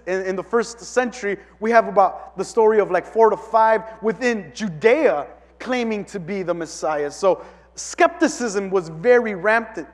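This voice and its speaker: High-voiced guy preaching casual, lots of "like", long hall echo. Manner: conversational, many "like" fillers and restarts. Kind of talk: casual teaching sermon. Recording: long reverb of a large hall.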